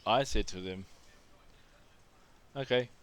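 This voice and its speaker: Smooth-voiced man telling a rambling story. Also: on the low side, a little slow, a bit bright. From Australia. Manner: rambling, frequent restarts and asides. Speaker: vlogger telling anecdotes. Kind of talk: casual storytelling monologue.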